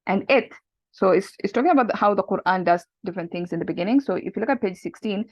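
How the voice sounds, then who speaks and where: A woman's voice: mid-range voice, lively intonation, quick pace, no echo. A woman teaches a small online study group in a casual, explanatory way, often restarting her sentences and adding fillers as she works through a text. Her voice sits in the middle range. The recording is dull and lo-fi, with a dry, close sound.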